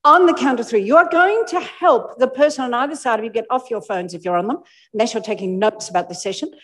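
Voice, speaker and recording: An Australian woman giving a lively motivational talk to a live audience, playfully acting out people's inner voices. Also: on the high side, quick pace. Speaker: motivational speaker. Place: large hall with live audience. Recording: echoey hall with long reverb.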